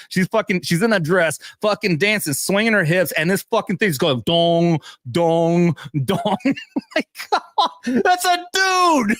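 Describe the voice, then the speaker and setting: A man's voice: a little high, a bit bright, no room sound, studio quality. Swearing, laughing veteran man host. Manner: swears constantly, laughs at own jokes. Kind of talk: casual profane commentary rant.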